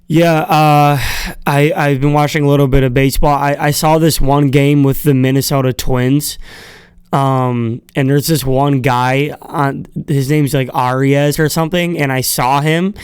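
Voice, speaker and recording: A man's voice: fairly high pitch, clean tone, no echo, studio quality. A man hosting a podcast, talking in a casual solo monologue that rambles, full of fillers, chuckling asides and casual swearing. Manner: irreverent, swears freely. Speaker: podcast host.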